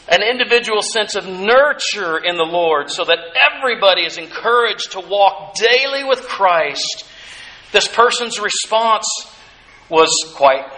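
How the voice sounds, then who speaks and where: A male pastor preaching a sermon, earnest and gentle, repeating key phrases softly for emphasis. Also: sits high, poor audio.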